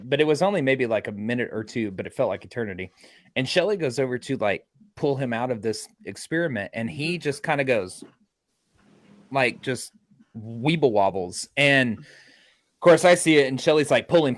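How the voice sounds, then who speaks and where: A man's voice: medium pitch, dry recording, studio quality. Man telling a ghost-hunt story. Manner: lively, acts out quotes. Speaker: paranormal investigator. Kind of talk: animated storytelling.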